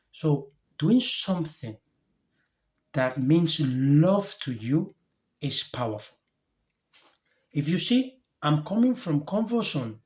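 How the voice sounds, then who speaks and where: A man speaking as a life coach in a reflective motivational monologue to camera, earnest and gentle in short halting phrases, openly heartfelt. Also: a little high.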